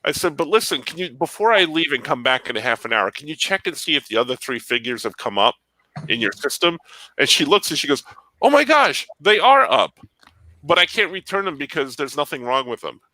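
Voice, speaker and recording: A man's voice: medium pitch, expressive, fast talker, sharp tone, no echo, rough recording. A man telling a long story in casual chat, acting out both sides of the conversation.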